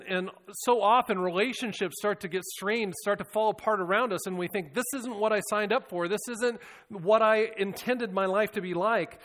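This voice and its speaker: A man with a high voice delivers a sermon. He speaks in an earnest, reflective way and often doubles back on his words as he goes. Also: a bit bright, long reverb tail. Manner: earnest, reflective, with frequent restarts and repeated words. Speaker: preacher.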